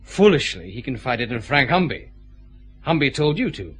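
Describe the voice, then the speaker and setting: An actor with a Scottish accent playing a methodical, confident detective chief inspector pressing suspects in a radio drama. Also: male voice, medium pitch, very animated, normal speed, fairly bright tone, breathy edge.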